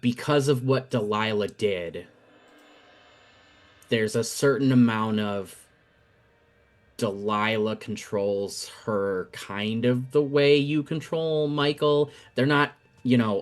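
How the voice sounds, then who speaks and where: A man running a tabletop game as game master, explaining rules and narrating in a measured way. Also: mid-range voice, fairly even intonation, faint music behind. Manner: measured, thinking aloud.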